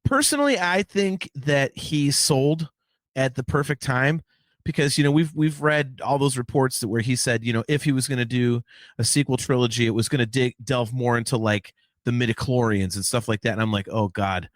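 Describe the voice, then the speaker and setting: A man's voice: medium pitch, normal speed, dry recording. A man hosting a podcast in casual chat, rambling with many restarts and fillers. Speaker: podcast host.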